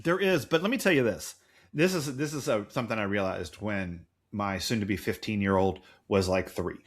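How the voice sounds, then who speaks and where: A man's voice: lowish voice, moderate pace, breathy edge. A man in his forties co-hosting a podcast in casual chat, rambling and jokey. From United States. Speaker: podcast co-host.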